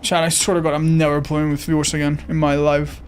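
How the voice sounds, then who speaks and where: Excitable high-voiced male streamer. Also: fairly quick, a little hiss or hum. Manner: excitable, swears often, talks to chat. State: tired. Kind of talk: live gameplay commentary.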